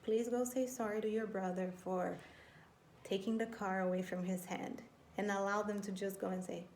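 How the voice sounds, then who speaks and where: A woman in her thirties speaks earnestly about parenting from a Christian angle, in a loose, conversational way with frequent restarts. Her voice sits at an ordinary middle pitch. The recording is roomy, with a faint hiss underneath. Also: a little mellow. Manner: earnest and conversational, with many restarts and "you know". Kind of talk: faith-based parenting talk. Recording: roomy, with faint background noise.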